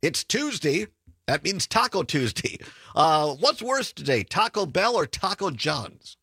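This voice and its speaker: Man, talk radio host, slightly high voice, dry close studio sound, sarcastic. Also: a little slow, creaky, husky, no echo. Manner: chatty, sarcastic, animated storytelling. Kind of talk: political talk radio monologue.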